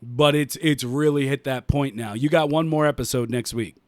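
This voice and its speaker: A man's voice: mid-range voice, fairly even intonation, moderate pace, clear, resonant tone, no room sound. A man co-hosting a casual podcast chat, talking emphatically, restarting his phrases, and laughing often. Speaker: podcast co-host.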